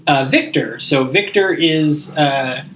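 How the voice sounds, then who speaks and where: A man's voice: fairly high pitch, fairly bright tone, a little hiss or hum, poor audio. A man co-hosting a podcast, recapping a movie in rambling casual chat full of fillers. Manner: rambling, filler-heavy, acts out quick character lines. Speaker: podcast co-host.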